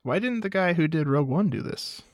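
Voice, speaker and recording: A man's voice: fairly high pitch, expressive, a little fast, no room sound. A man co-hosting a podcast in casual chat, throwing in dry joking asides. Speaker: podcast co-host.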